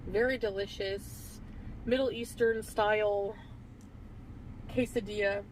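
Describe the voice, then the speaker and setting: A woman's voice: mid-range voice, steady tone, takes it slowly, low-quality recording. Female vlogger rambling in a car, filler-heavy, street noise behind. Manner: rambling, with many fillers and little laughs. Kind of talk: casual vlog chat. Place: in a parked car.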